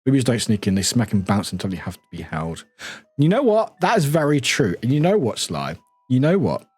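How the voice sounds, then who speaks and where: Lively husky-voiced man chatting on stream. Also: medium pitch, brisk, no room sound. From United Kingdom. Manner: laughing, swearing, reading chat aloud. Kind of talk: casual live-stream chat. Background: faint background music.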